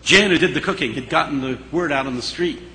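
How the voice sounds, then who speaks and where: Gravelly, bright-voiced male storyteller. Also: on the high side, fast, a little hiss or hum, poor audio. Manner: animated, dramatic storytelling with hushed stretches. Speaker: speaker. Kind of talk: storytelling sermon.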